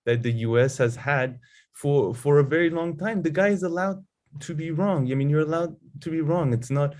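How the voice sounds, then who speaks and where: A man co-hosting a casual political debate chat, relaxed and quick, with many "you know"s. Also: on the high side. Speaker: podcast co-host.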